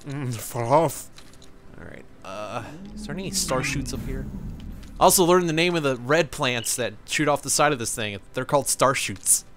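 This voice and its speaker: A man's voice: on the low side, a bit bright. A young man giving casual, rambling let's-play commentary, joking and laughing as he plays. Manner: rambling, jokey, laughs often.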